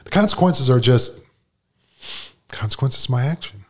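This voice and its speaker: A man's voice: medium pitch, expressive, moderate pace, husky. A man sharing his personal recovery story at a meeting in a casual storytelling way, acting out the conversations he retells. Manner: casual storyteller who acts out dialogue with "I'm like" and "she's like".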